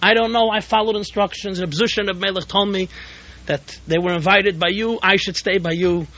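A man's voice: high voice, fairly even intonation, brisk, sharp tone. A man voicing a plain-spoken male coachman who answers in a matter-of-fact way, on a dull lo-fi tape recording.

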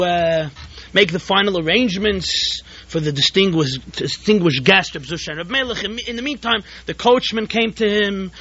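A man, a rabbi, teaching a weekly class as an animated storyteller who often restarts phrases, on a dull lo-fi tape recording. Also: high voice. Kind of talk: storytelling lecture.

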